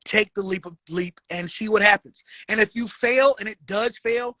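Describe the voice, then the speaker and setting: A woman's voice: medium pitch, moderate pace, a bit bright, dry recording. A woman guest in casual conversation, blunt and swearing a lot, then apologizing for it. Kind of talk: casual chat.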